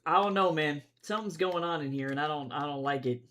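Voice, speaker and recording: A man streaming while he draws comics, chatting casually and rambling, swinging between loud excitement and low mumbling. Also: fairly quick. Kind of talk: casual livestream chat while drawing.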